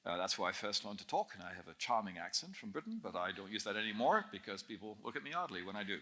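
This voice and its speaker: A man's voice: fairly low pitch, big pitch swings, quick pace, bright, forceful tone. A Canadian man in his late fifties, a guest speaker telling a story at a student camp, wry and self-mocking, with many hesitations. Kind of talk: storytelling talk.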